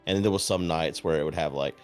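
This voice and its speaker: A low-voiced man chats on his stream and tells a long story in a dry, deadpan way with plenty of swearing. He acts out the voices of the people in it. Soft music plays faintly behind him. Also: fast, clear, resonant tone. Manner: profane, deadpan. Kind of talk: casual chat.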